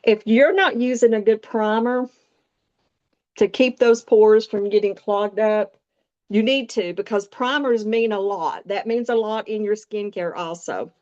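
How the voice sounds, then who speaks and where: Casting: woman, 60s, Southern Appalachian accent, folksy makeup vlogger, mid-pitched voice, slightly dull lo-fi recording. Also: measured pace, a little mellow. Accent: Southern Appalachian American. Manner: chatty, folksy, talks straight to viewers. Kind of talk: casual makeup tutorial.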